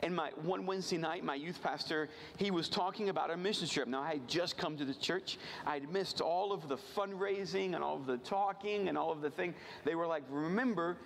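A man from rural Virginia shares a self-deprecating story with a church crowd. His voice sits a touch high and carries a gravelly fry, and he keeps pulling the audience in with questions. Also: a little fast, hardly any pauses, a little hiss or hum. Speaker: missions speaker.

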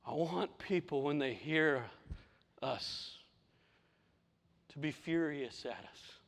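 A man's voice: on the high side, lively intonation, takes it slowly, gravelly. A man preaching a sermon to his church, impassioned, often repeating words as he stresses a point. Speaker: pastor. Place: church sanctuary. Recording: long reverb of a hall.

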